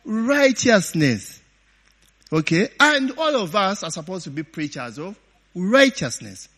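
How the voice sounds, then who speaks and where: Slow, bright-voiced man preaching in a reverberant hall. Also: sits high, big pitch swings. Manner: chatty, laughing asides, many "eh?" and "okay?" tags; call-and-response questions to the audience. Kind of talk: sermon.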